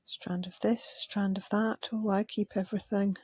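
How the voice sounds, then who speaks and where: A woman's voice: medium pitch, flat delivery, normal speed, darkish tone, slightly rough, no room sound. A tired woman chatting casually as a craft vlogger, muttering asides as she sorts things. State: tired, yawning. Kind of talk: casual commentary over sped-up footage.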